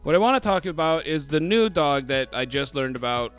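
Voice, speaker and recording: A man co-hosting a casual podcast, telling a profane, animated story and throwing in mocking impressions. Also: a little high, brisk, clean tone, faint music behind. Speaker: podcast co-host. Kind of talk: casual trash-talk chat.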